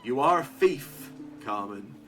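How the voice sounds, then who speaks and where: A man's voice: mid-range voice, lively intonation, slow pace, soft background music, voice pushed up. A man voicing a pompous older town mayor who speaks formally. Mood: stern, gracious. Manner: formal, stately.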